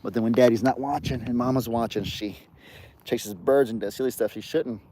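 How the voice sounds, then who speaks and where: A man's voice: mid-range voice, fairly even intonation, a little fast, noisy background. A man in a casual farm vlog, talking in a folksy, rambling way into a phone camera outdoors. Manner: folksy, rambling, coos baby talk at cats. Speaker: farm vlogger.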